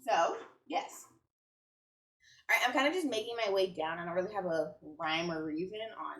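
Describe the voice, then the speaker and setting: A woman's voice: fairly low pitch, normal speed, fairly bright tone. Chatty woman talking to a distant camera. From United States. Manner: chatty, rambling, enthusiastic, self-correcting. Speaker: book vlogger. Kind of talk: casual chat to camera. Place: home room with bookshelves. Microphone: camera a little way off. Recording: roomy sound from a distant mic.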